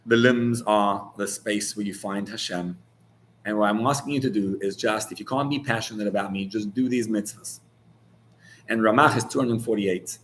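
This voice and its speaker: A man's voice: fairly low pitch, fairly even intonation, moderate pace, fairly bright tone, a little hiss or hum. A man, a rabbi, giving an informal Torah class in a searching, conversational way, full of restarts, that builds to heated emphasis on key words.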